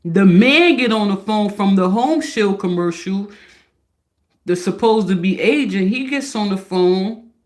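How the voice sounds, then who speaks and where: A woman livestreamer ranting loudly and profanely on a live stream. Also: mid-range voice, measured pace. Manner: loud, profane, animated ranting.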